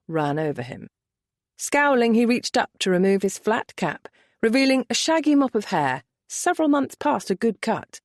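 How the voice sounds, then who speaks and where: A woman narrating a romance novel audiobook with an expressive storytelling lilt. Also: mid-range voice, no echo, clean studio sound.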